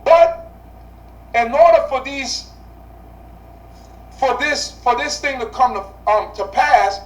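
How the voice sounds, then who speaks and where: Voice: high voice, animated, slow, far from the mic, slight background noise, poor audio. A Bible study teacher speaking to a class, asking rhetorical questions and repeating key phrases for emphasis.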